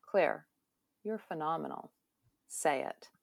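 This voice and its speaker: A woman's voice: low-pitched, slow, vocal fry, no echo, studio quality, full character voice. A woman reading aloud the lines of a commanding adult male lover in a romance novel, firm and insistent.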